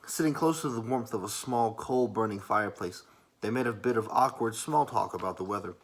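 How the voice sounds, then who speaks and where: A man in a calm, soft-spoken ASMR reading of a story. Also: on the low side, brisk. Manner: calm, soft and even narration.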